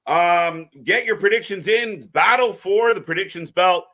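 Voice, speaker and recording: A man's voice: sits high, unhurried, sharp tone. A man co-hosting a live wrestling watch-along stream, giving opinionated, rambling takes with frequent restarts.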